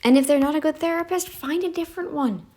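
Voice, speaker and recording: Woman ranting to her viewers, kinda high voice, sarcastic, lots of "do you really think" questions. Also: quick pace, darkish tone. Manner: emphatic, ranting with rhetorical questions; sarcastic, addresses listeners directly. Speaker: reaction channel host. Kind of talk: casual commentary.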